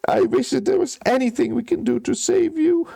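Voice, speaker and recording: A man's voice: mid-range voice, normal speed, a little mellow, lightly acted. A man voicing a young male steward who dotes on his pet bird and turns cruel. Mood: weeping. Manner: sobbing, pleading baby talk then sneering contempt.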